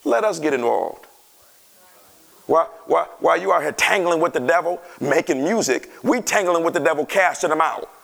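Preaching to a congregation, this man alternates scripture reading with animated, conversational remarks aimed at his audience. He speaks at an ordinary pace, with a fairly high, creaky voice.

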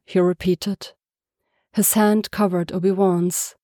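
A woman reading a story aloud as narrator, soft-spoken and even. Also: on the low side, slow pace, dry recording, clean studio sound. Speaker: podfic reader. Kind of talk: scripted narration.

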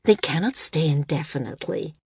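A woman's voice: sits low, a little fast, vocal fry, darkish tone, husky, dry recording, clean studio sound, full character voice. A woman voicing a thin, stooped male flyer with a reedy voice and an ingratiating, deferential manner. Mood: fawning.

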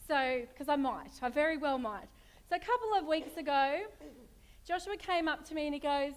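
Woman preacher, high voice, chatty storyteller. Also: normal speed. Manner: chatty storytelling, laughs easily. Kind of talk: sermon.

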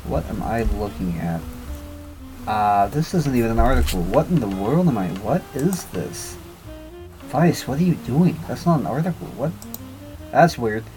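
A man co-hosting a laid-back podcast chat, rambling and thinking out loud as he goes. His voice sits at a middle pitch. Faint music plays quietly behind him. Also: animated, normal speed, low-quality recording. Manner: rambling, thinks aloud while searching online. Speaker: podcast co-host. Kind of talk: casual chat.

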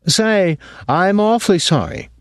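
A man's voice: high voice, animated, measured pace, clear, resonant tone, no room sound, studio quality, pitched above the performer's own voice. A man reading an audiobook, voicing a polite young man who talks in an apologetic way.

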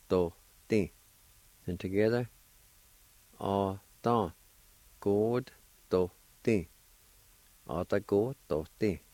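Slow, low-voiced man teaching. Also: darkish tone, no room sound. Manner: breaks words into syllables, repeats them slowly. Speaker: language teacher and radio host. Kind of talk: slow pronunciation lesson.

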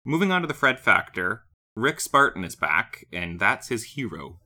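A man co-hosting a podcast, recapping a cartoon episode in a casual chat and jumping into quick acted-out character lines. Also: on the low side. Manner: animated, acts out characters' lines in quick bursts. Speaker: podcast co-host.

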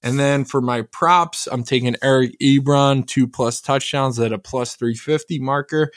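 Boastful man pitching sports bets. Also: normal speed. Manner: boastful, animated. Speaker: sports betting co-host. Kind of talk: casual sports betting talk.

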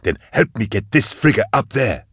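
A man's voice: on the low side, sing-song, normal speed, husky, voice pushed up, exaggerated voice. Man voicing a curt, commanding schemer. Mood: grim. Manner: curt, forceful orders. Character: hard, commanding male schemer.

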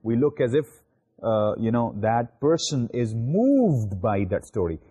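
Pakistani english lecturer guy, pitch jumps all over, says "you know" and "actually" a lot. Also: very animated, measured pace, dark tone, slightly rough, highs cut off. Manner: explanatory, many fillers like "you know" and "actually", trailing off low at phrase ends. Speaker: university lecturer. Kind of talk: recorded video lecture.

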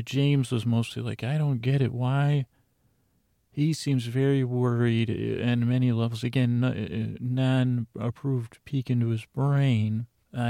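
Man, gravelly, dark tone, rambling comedic narrator, chatty asides, trails off mid-sentence. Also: mid-range voice, dry recording, clean studio sound. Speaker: fictional narrator. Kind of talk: improvised comedic audio-drama narration.

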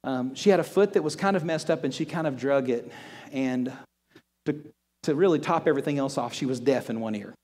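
A man preaching a sermon and telling a story, often repeating words as he restarts a thought and dropping to a hushed voice for emphasis. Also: mid-range voice, brisk. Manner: storytelling, drops to a hushed near-whisper for emphasis. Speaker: pastor. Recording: long reverb of a large hall.

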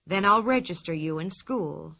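A woman reading a storybook aloud, voicing a kind, patient schoolteacher in a friendly, measured way. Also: lowish voice, lively intonation, creaky, sharp tone, no echo, exaggerated voice.

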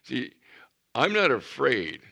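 A man's voice: mid-range voice, wildly swooping pitch, slow, vocal fry, pushed and bright. A man preaching a sermon as pastor, earnest and emphatic.

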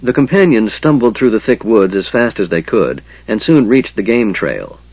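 A man narrating a fantasy audiobook with expressive storytelling. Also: on the low side, normal speed, dry recording, muffled recording.

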